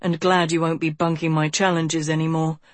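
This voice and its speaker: A woman's voice: low voice, level tone, moderate pace, no echo, close to an everyday voice. Woman voicing a cocky, teasing young prince. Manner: breezy, teasing. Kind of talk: audiobook character voice.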